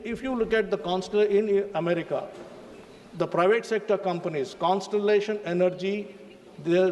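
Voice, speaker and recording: A member of parliament with an Indian English accent gives a formal speech in the parliament chamber, his voice high with a darkish tone. He often addresses the chair as sir. Faint hall reverb and light noise are audible.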